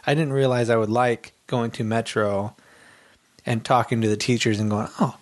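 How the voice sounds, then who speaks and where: A man co-hosting a podcast in casual chat, animated and acting out quoted thoughts, with frequent restarts. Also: medium pitch, moderate pace. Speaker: podcast co-host.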